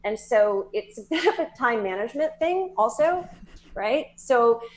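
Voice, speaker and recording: A woman's voice: on the high side, unhurried, rough recording. A woman with a Southern US accent, a guest psychic medium speaking earnestly and spiritedly about healing in a casual interview. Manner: earnest, spiritual, animated with restarts.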